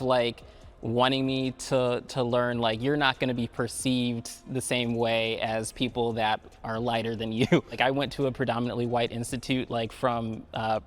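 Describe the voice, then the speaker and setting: A man in a panel discussion, talking reflectively and hesitantly with many fillers. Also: medium pitch. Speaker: panel participant. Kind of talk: reflective casual talk.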